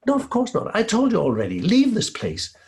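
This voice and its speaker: A woman's voice: a bass voice, animated, normal speed, slightly rough, heavily acted. A man voicing a scolding, impatient lady of the house in a told folk tale. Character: shrill, scolding lady of the house, middle-aged.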